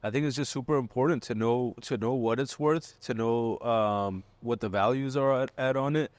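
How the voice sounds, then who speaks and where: A man's voice: medium pitch, normal speed, darkish tone, no echo. A man as a podcast guest who explains car values step by step, often checking in with "right?". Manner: laughs easily, jokey with host. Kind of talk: casual podcast chat.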